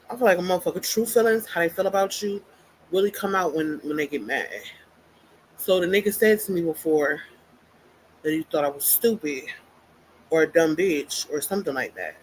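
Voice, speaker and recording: A woman's voice: lowish voice, normal speed, pauses often, a little hiss or hum, poor audio. A woman vlogging casually, out of breath and venting bluntly with profanity. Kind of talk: casual personal vlog.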